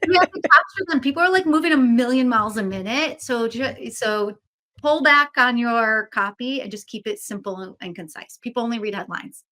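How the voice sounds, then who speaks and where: A woman co-hosting a casual business webinar, talking chattily with lots of fillers and quick asides. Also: fairly high pitch, bright, forceful tone. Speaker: webinar co-host, website business owner.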